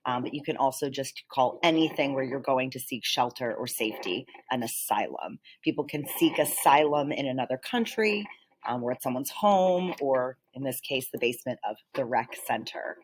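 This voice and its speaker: A woman teacher walking students through vocabulary slides, explaining patiently with frequent fillers and throat clearing. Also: extremely low pitch, lively intonation, normal speed, a little hiss or hum. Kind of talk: vocabulary lesson over slides.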